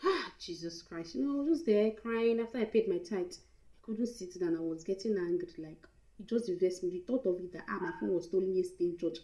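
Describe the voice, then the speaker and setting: A woman's voice: lowish voice, fairly quick, dark tone, reverberant, rough recording. A young Nigerian woman vlogger telling a candid, emotional storytime, slipping into pidgin now and then. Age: young adult. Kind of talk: storytime vlog.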